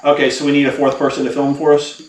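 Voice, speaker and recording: A man's voice: medium pitch, monotone, fast talker, far from the mic, a crowd in the background. A man co-hosting a casual podcast, teasing his friends with crude wisecracks. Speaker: podcast co-host. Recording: echoey, off-mic with faint crickets.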